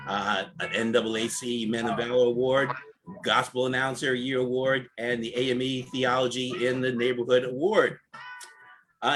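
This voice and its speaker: A man's voice: mid-range voice, a bit bright, poor audio. A man with a Brooklyn accent, a financial coach reading out a guest introduction on a video call, chatty and full of fillers. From New York. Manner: chatty, many fillers and restarts.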